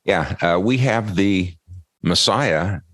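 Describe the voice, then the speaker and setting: A very deep-voiced American man co-hosting a podcast, his talk measured and explanatory as he works through a Bible passage. The sound is dry and close, with no room in it. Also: fairly bright tone, no echo. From United States. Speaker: podcast co-host. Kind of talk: casual Bible discussion.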